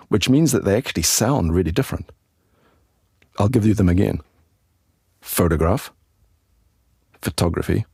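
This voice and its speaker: A man hosting a podcast lesson as an English teacher, explaining in a relaxed, chatty way with asides to the listener. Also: low-pitched, husky, no room sound, clean studio sound.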